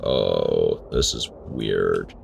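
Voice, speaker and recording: A man with an extremely deep, low voice narrates his way through a video game. He reads the on-screen text aloud and drops bemused little comments between lines. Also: drawn-out words, vocal fry, slight background noise. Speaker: gamer. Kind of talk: let's play commentary.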